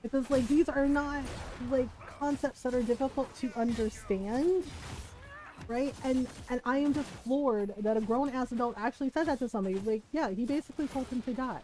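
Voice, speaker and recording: A woman's voice: high voice, fairly quick, dark tone, low-quality recording. A woman streamer ranting casually and heatedly, swearing freely and tossing in rhetorical questions. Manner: heated, profane, rhetorical asides. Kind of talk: casual livestream rant.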